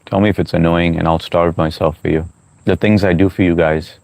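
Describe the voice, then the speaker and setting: A middle-aged man with a notably low, deep voice hosts a laid-back livestream outdoors. He reads viewer comments aloud and jokes with his audience. He keeps chatting while he chews his food. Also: steady tone, moderate pace, gravelly, darkish tone, no echo. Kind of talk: casual livestream chat. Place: outdoors on a walk.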